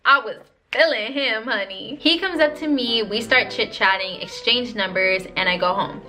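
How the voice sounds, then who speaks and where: A young woman vlogger telling a dating story in lively, slangy storytime style. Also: a little high, normal speed, soft background music. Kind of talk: storytime vlog.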